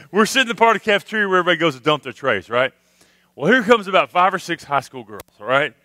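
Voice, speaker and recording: A man telling a funny camp story to a youth crowd as a former youth minister, animated and tagging his sentences with "okay? all right?". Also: fairly high pitch, fast, no echo. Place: live youth camp worship service.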